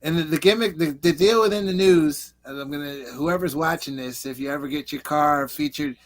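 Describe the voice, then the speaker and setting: A man's voice: fairly high pitch, a little fast. A man from California, a guest in a casual chat, telling stories in an easygoing way with lots of "you know" and "like". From Reseda, California.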